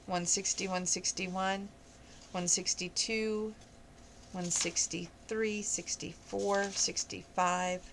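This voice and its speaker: Woman reading a novel aloud, flat. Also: mid-range voice, takes it slowly, vocal fry, slight background noise. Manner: unpolished reading with slips and restarts, counting off page numbers. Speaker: reader of a novel. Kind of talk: casual read-aloud of a novel.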